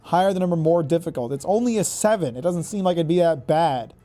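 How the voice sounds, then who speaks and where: A man's voice: on the high side, expressive, fast talker, dark tone, faint music behind. A man giving casual gameplay commentary, exasperated and profane, stammering and repeating words as he reacts. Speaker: gaming YouTuber.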